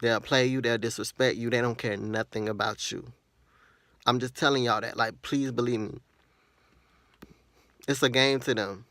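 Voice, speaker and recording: A man talks straight to camera in a personal vlog, earnest and repetitive as he vents about a friend. His voice sits at an ordinary middle pitch. The sound is close and dry with no room around it. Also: steady tone, moderate pace, gravelly, long pauses, fairly bright tone, dry recording. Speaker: vlogger.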